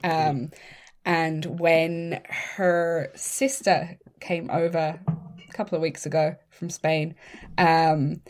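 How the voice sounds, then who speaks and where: A woman's voice: low voice, level tone, slow pace, darkish tone. An Irish woman chatting casually and joking at her own expense. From Ireland. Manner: self-deprecating, chatty. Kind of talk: casual chat.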